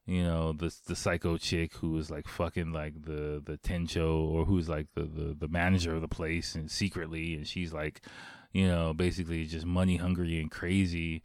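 A young man with a very low voice rambles through a movie recap, full of fillers, restarts and casual swearing. The sound is dry and close, with no room around it. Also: a little mellow, dry recording.

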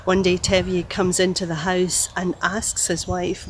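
A woman preaching a sermon, telling a story and gently acting out the quoted lines. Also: on the low side, little pitch movement, unhurried, a little hiss or hum, poor audio.

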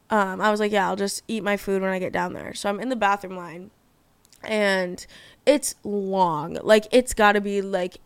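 A chatty young woman talks on her solo podcast, gushing and peppering her speech with fillers and casual swearing. Her voice is smooth and clear, recorded close and dry with no room sound. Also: medium pitch, dry recording. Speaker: podcast host.

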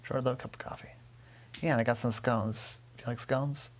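A man voicing a calm, helpful male problem-solver in a bedtime story, measured and reassuring. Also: medium pitch, whispered, natural voice.

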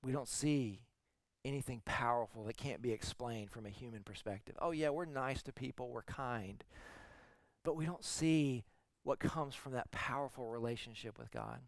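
A man's voice: mid-range voice, moderate pace, gravelly, no room sound. Man preaching a dry, close-miked sermon. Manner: conversational storytelling preaching, swings from soft to emphatic. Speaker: teaching pastor.

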